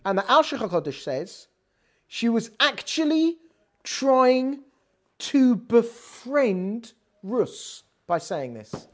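This Bible teacher gives a conversational scripture lesson, explaining verses and acting out the quoted lines with animated sass. She speaks slowly in a fairly high-pitched voice.

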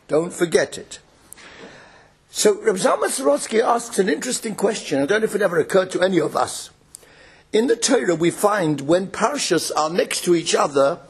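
A man's voice: high-pitched, slightly rough. A man giving a religious study lecture, explaining points and posing rhetorical questions to his listeners. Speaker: Torah lecturer.

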